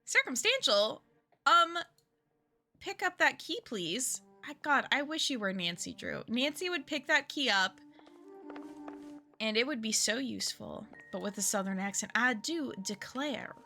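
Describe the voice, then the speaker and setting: A woman streaming a detective game chats in a bright, sharp voice full of jokey asides. Her pitch is fairly high and bounces around a lot. Faint game music runs underneath. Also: lively intonation, moderate pace. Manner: chatty, jokey, rambling asides. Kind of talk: casual game commentary.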